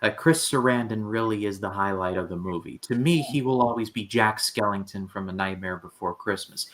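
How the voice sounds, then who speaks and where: A man co-hosting a podcast, chatting casually and calmly about a movie like a film buff. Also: fairly low pitch, normal speed, few pauses. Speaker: podcast co-host. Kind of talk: casual movie review chat.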